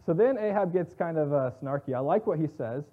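A man's voice: fairly high pitch, animated, fairly quick. Tinny-sounding man teaching scripture casually. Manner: conversational, paraphrases scripture in everyday slang. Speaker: Bible teacher.

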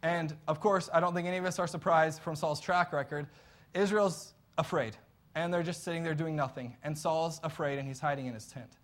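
A man's voice: fairly high pitch, brisk. A man preaching a sermon in an earnest, conversational storytelling way.

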